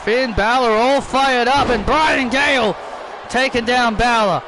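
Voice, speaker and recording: Guy rambling thru game commentary, kinda high voice, slow, loud game noise behind. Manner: rambling, repeats himself, excitable. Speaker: channel host, video game commentator. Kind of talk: casual play-by-play commentary.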